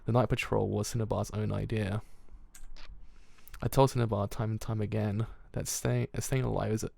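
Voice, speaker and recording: Man reading as a calm formal teacher. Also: fairly low pitch, creaky, no echo. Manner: formal, measured. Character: calm, patient male teacher and guardian.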